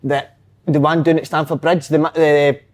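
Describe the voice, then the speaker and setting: A Scottish former footballer in casual chat, excitable and firing quick questions. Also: male voice, a little high, slight background noise.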